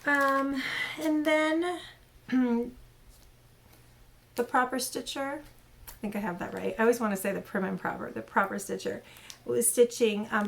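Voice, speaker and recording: Woman host, casual show-and-tell vlog, gravelly fry, rambling and chatty. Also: on the high side. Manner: chatty, rambling with many fillers and self-corrections. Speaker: cross-stitch channel host.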